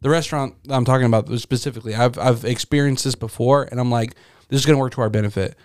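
A young man co-hosts a casual podcast, rambling through a story full of fillers and swearing. His medium-pitched voice is fast, fairly even in intonation, and clear and resonant, recorded in a clean studio with no echo.

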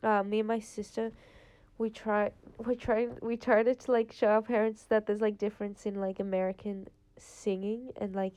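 Solo podcast host: teen girl, mellow tone, rambling and chatty. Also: medium pitch, flat delivery, moderate pace, smooth. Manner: rambling, chatty, lots of "like" fillers. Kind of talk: casual solo podcast chat. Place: home, late at night.

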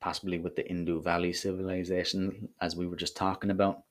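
Deep-voiced man musing on history. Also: level tone, fast talker. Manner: rambling, self-correcting, chatty asides. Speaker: podcast host. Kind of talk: solo history podcast talk.

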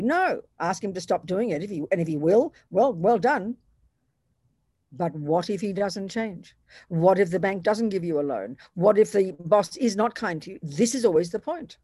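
A woman teaching Buddhist ideas in a conversational dharma talk, animated and self-deprecating, slipping into other people's voices to make her points. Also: medium pitch, normal speed, slightly rough, dry recording, studio quality. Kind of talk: dharma talk to a retreat group.

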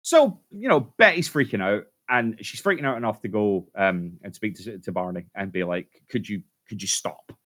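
Brief: low-voiced man, casual podcast co-host, animated, swearing storyteller. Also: normal speed, hardly any pauses. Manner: animated, swearing, jokey asides.

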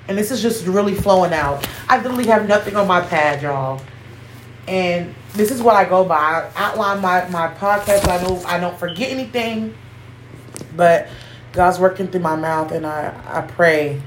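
A woman in her thirties talks from the heart in an emphatic, preachy way, often calling out straight to her listeners. Her voice sits fairly low. The room is echoey, with a faint hiss behind her. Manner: speaks slowly, near tears at times. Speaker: podcast host. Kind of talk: heartfelt spontaneous monologue.

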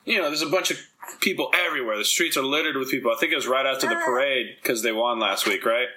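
A man's voice: medium pitch, fast, background noise. A young adult man hosting a casual podcast, telling stories with acted-out quotes and frequent swearing. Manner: animated storyteller, acts out quotes, swears freely. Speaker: podcast host.

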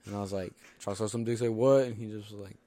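A man's voice: lowish voice, fairly even intonation, fast, dark tone, no echo. A young man in casual podcast chat, rambling through party stories with lots of "dude" and "like.". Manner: rambling storyteller, full of "dude" and "like", laughs often. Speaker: podcast host.

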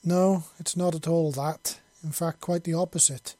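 A man's voice: on the high side, fairly even intonation, moderate pace, warm tone, no room sound, voice pushed up, lightly acted. A man voicing a nervous young human soldier who speaks in an apologetic, anxious way.

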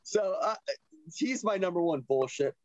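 A man's voice: high-pitched, animated, a little slow, no echo, dull audio. A young man co-hosting a casual podcast, loose, profane and laughing easily. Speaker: podcast co-host.

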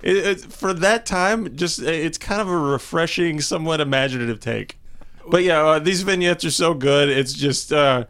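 Higher-voiced man, excited podcast chat. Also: moderate pace. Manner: enthusiastic, animated storytelling. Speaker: podcast co-host. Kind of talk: casual chat.

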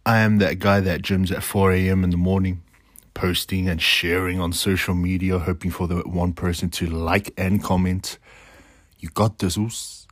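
A man's voice: sits low, flat delivery, normal speed, no echo, studio quality. A middle-aged man delivering a reflective spoken-word monologue, earnest and declamatory, slipping in casual slang asides.

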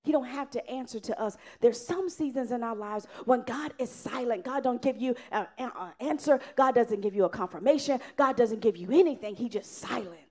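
Casting: woman preacher, high voice, earnest sermon with loud rises and soft drops. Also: a little fast, hardly any pauses.

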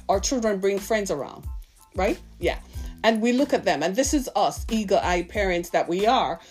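A woman in her fifties preaching a sermon, impassioned and full of rhetorical questions to her listeners. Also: mid-range voice. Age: 50s.

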